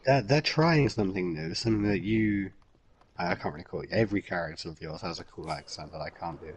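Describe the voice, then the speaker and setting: A man's voice: deep voice, fast, breathy edge. A man from northern England chatting casually, blunt and mock-exasperated with his friends. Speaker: roleplay streamer. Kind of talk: casual chat.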